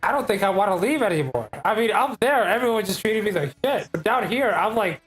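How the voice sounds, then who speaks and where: Male gamer, high-pitched, stammery and excitable in character. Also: a little fast, soft background music. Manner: excitable, stammering, crude jokey. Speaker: player. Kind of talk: in-character tabletop role-play.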